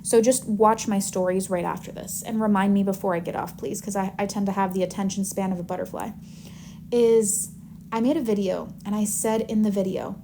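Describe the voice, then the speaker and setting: A woman manifestation coach teaching in a live Q&A, animated and chatty as she tells stories. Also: medium pitch, a little fast, a little hiss or hum.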